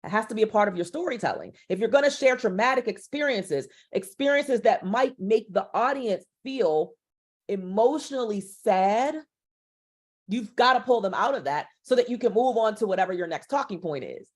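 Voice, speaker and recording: A woman's voice: mid-range voice, expressive, normal speed. Dynamic woman teaching public speaking. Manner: dynamic, shifts volume and pace to demonstrate. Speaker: speaker trainer. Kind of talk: public speaking workshop lecture.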